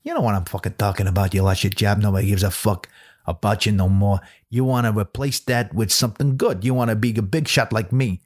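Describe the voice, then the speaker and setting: A man's voice: on the low side, steady tone, brisk, natural voice. A man doing an impression of a foul-mouthed, swaggering male podcast mentor with a New York-New Jersey accent. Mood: brash, needling. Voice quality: gruff, swaggering tough-guy patter.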